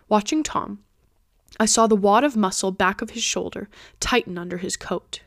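A woman podcast host narrating a classic novel in a steady audiobook reading. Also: mid-range voice, moderate pace, creaky, no room sound, studio quality.

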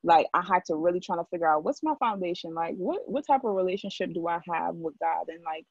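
A woman's voice: on the low side, fast, darkish tone, no echo, muffled recording. A young woman talking in a casual chat, filling her speech with "like" as she tells her story. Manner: talkative, heavy use of "like". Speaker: guest.

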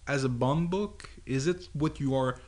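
A man co-hosting a podcast in casual chat, halting, with many fillers and restarts. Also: mid-range voice, a little mellow. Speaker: podcast co-host.

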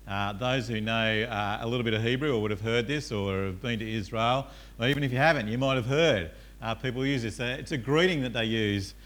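A man's voice: mid-range voice, fairly bright tone. A male pastor giving a conversational sermon in a church, peppered with "uh" and questions to the congregation.

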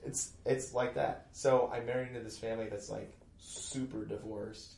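A man talking casually as a podcast guest, an animated storyteller. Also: medium pitch, moderate pace, gravelly. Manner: animated storyteller, loud put-on family voices. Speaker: podcast guest, comedy writer. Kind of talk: casual chat. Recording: echoey room, faint noise.

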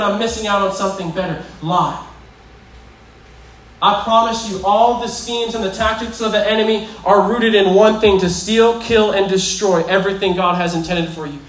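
A man's voice: high-pitched, fairly bright tone. A man preaching a conversational, provoking sermon to young people, often asking the crowd questions. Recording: very echoey hall, voice from far off.

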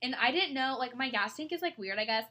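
A young woman co-hosting a podcast, telling her stories in an animated, dramatic way in casual chat. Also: high-pitched, quick pace. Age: young adult. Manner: animated storytelling, dramatic retellings. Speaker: podcast co-host.

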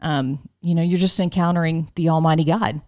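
A woman talking in a casual conversation, animatedly telling a faith story and imitating a friend's halting English. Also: sits low, fairly even intonation, darkish tone. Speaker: guest missionary.

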